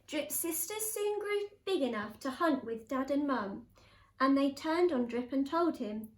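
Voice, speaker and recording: A woman teacher reads a children's storybook aloud in an expressive, sing-song way. Her voice sits high and swoops widely, with an unhurried pace. It rings in an echoey room. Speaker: primary school teacher.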